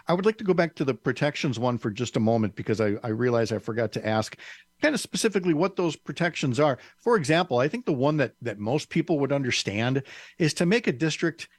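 A man's voice: mid-range voice, expressive, quick pace, dry recording. Man hosting a radio interview, dry sound. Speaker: radio show host. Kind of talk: scripted intro then interview questions.

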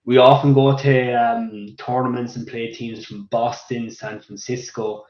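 A man's voice: medium pitch, little pitch movement, unhurried, darkish tone. Cork-accented man, echoey dull line. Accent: Irish, Cork. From Ireland. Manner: chatty, hesitant with many fillers. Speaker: radio guest. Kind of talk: casual radio interview.

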